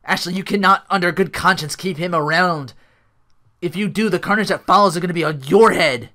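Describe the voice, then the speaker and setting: A man doing a loud impression of a cocky, boastful male wrestling champion who trash-talks his rivals. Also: high voice, a little fast, pitched above the performer's own voice. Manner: loud taunting trash talk.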